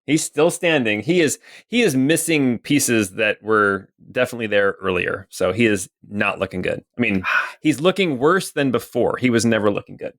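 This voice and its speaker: Man, dungeon master, calm and methodical, mid-pitched voice, dry close sound. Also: normal speed, no echo. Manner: calm, methodical, with frequent "okay" and "um". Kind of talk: narrating a tabletop game.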